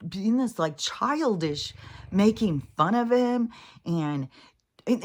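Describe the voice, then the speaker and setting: A woman rambling casually in a spiritual vlog, swearing freely and getting animated as she retells a scene. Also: fairly high pitch, measured pace. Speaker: spiritual vlogger. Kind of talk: rambling monologue.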